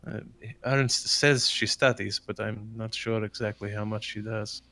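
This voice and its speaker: A man voicing a nervous, cautious male village priest in a tabletop game, speaking hesitantly with many halting pauses. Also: lowish voice, fairly even intonation, sharp tone. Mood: wary. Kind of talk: improvised character voice in a tabletop game.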